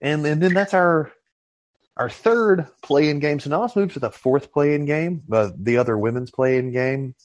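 A man hosting a casual podcast, talking in a relaxed way with fillers and restarts. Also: fairly high pitch, unhurried. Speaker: podcast host. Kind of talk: casual chat.

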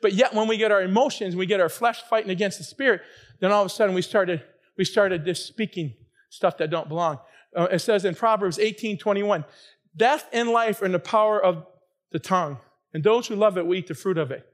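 A man preaching a fervent sermon, his delivery swinging from quiet, earnest passages to loud, near-shouting bursts. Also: high-pitched, a little fast. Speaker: pastor.

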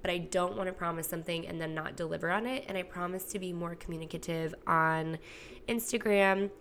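Chatty gravelly-voiced woman podcast host. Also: on the low side, fairly even intonation, fairly quick, fairly bright tone. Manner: chatty, candid, swears freely, acts out quotes. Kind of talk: casual solo podcast monologue. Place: home, recorded alone.

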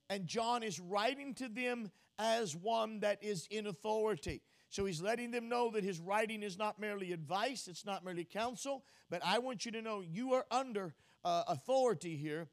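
High-voiced man preaching an expository sermon. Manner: swings between loud emphatic peaks and quiet teaching asides; repeats key phrases for emphasis.

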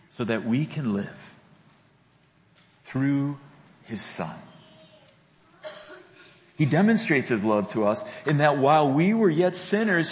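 A male pastor delivering a sermon at an unhurried, measured pace, pressing his points home through repetition. His voice sits at an ordinary middle pitch. The recording is dull and lo-fi, with a long reverb trailing through a large hall. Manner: slow, deliberate preaching with emphatic repetition.

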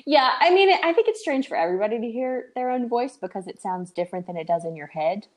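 A woman's voice: fairly high pitch, animated, fast. A woman from Tennessee with a light Southern accent, co-hosting a casual chat full of "like" and "um". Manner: chatty, fond of fillers like "like" and "um". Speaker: podcast co-host.

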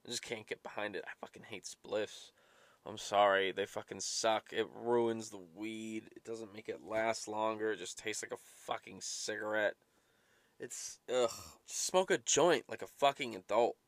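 A man's voice: lowish voice, normal speed, dry recording. A young man ranting casually and profanely as a podcast host, exasperated and swearing often. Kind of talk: casual rambling rant.

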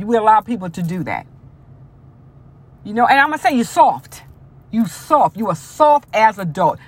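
A woman vents in a personal rant straight to her viewers. Her delivery is blunt and emphatic, full of swearing and insistent repetition. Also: a little high. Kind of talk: profane personal rant to camera.

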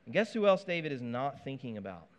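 A man preaching a sermon in a conversational, animated way, with asides and playful touches. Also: medium pitch, fast talker, clean tone. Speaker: pastor.

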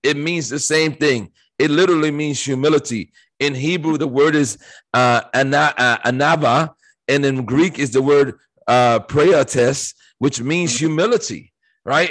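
A man co-hosting a faith podcast, talking in an animated, emphatic preaching style with rhetorical questions and scripture quotes. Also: on the high side, a little slow. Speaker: podcast co-host.

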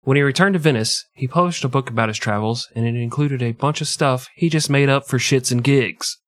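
A man's voice: medium pitch, fairly quick, dry recording. A young man co-hosting a comedic history podcast, telling the story with crude jokes and frequent laughs. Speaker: podcast co-host. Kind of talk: casual comedic history chat.

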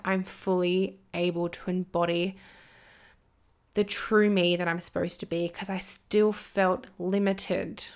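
Slow, gravelly-voiced woman, earnest and emotional. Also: lowish voice. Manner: earnest, emotional, swears freely, slow deliberate pauses. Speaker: spiritual coach and business owner. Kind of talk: heartfelt personal monologue.

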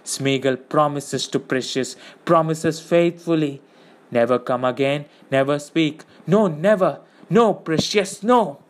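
A man's voice: a little high, unhurried, pitched above the performer's own voice, natural voice. A man reading an audiobook and voicing a wretched, hungry male creature who whines and pleads, repeating his words. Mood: whimpering.

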